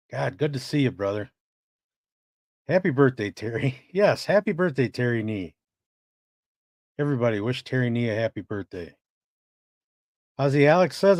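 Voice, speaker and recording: A man's voice: mid-range voice, a little mellow, no echo, studio quality. Laid-back swearing man on a stream. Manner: laid-back, swears freely, reads chat aloud. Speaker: co-host. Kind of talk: casual live-stream chat.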